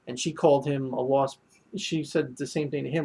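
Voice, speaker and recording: A man talks through an anime episode in a loose, rambling review. His voice has a gravelly, creaky texture at a middling pitch. He fills his sentences with "you know" and restarts. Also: steady tone, moderate pace, darkish tone. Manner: rambling, heavy on fillers and restarts. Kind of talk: casual spoken review.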